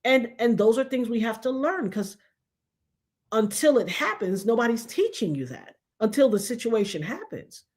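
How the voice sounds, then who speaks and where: A middle-aged woman hosts a livestream chat. She tells stories with animation and slips into the voices of the people she quotes. Her voice sits a little high. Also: big pitch swings, normal speed, a little mellow. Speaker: show host.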